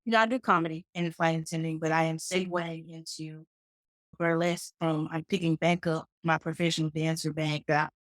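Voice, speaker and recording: A woman in her thirties from Dallas, a comedian guest telling a story in a casual, animated interview over a call. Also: low-pitched, a little fast, no room sound, rough recording. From Dallas, Texas. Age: 30s. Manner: joking, animated storyteller with playful asides. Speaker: guest, comedian and flight attendant. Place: remote call.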